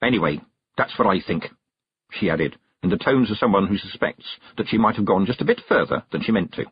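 A man narrating a storybook in a measured, expressive reading voice. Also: fairly low pitch, breathy edge, no echo, highs cut off. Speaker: audiobook narrator.

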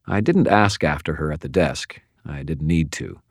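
Very deep-voiced man narrating an audiobook. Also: no room sound, clean studio sound. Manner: wry, measured storytelling. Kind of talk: first-person audiobook narration.

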